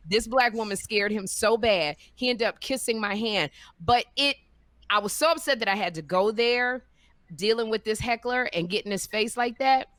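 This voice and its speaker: A middle-aged woman co-hosting a podcast, speaking. Her voice is bright and forceful, and it sounds close and dry. She tells stories animatedly and acts out quoted voices. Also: fairly high pitch, dry recording. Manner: lively storyteller, acts out quoted voices, laughs loudly. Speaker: podcast co-host and comedian. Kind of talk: casual chat, animated storytelling.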